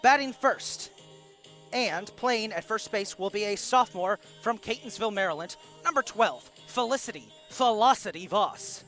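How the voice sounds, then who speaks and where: High bright-voiced guy announcing a college softball game, steady lineup reading, faint music underneath. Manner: steady announcer delivery, quick self-corrections. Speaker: play-by-play announcer. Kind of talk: live sports broadcast, reading lineups. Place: college softball field broadcast booth.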